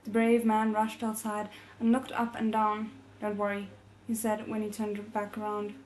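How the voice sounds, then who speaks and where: A woman's voice: mid-range voice, completely flat delivery, normal speed, darkish tone, a little hiss or hum, rough recording. A woman hosting a casual novel readalong, reading aloud and breaking off with laughing asides and self-corrections.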